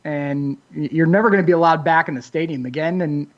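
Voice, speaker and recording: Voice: mid-range voice, brisk. Joking sports podcast co-host, dull audio. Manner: joking, animated storyteller. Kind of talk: casual sports banter.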